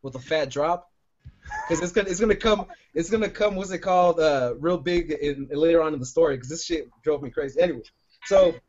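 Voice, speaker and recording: A man's voice: a little high, fairly quick, a little mellow, muffled recording. A man co-hosting a podcast, telling a long rambling story full of profanity in casual chat. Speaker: podcast co-host.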